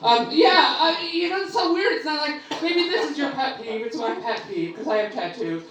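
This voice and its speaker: A woman's voice: high-pitched, lively intonation, normal speed. Brash woman comic in an echoey club. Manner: brash, bawdy, big exaggerated delivery. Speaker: stand-up comic. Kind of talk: stand-up comedy set. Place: comedy club stage. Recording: echoey club miked from a distance, loud room noise.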